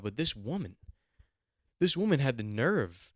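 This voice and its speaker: A man's voice: fairly low pitch, sing-song, moderate pace, no room sound, clean studio sound. A young man hosting a podcast, telling a rambling, profane story with mock outrage. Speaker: podcast host. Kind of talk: comedic storytelling chat.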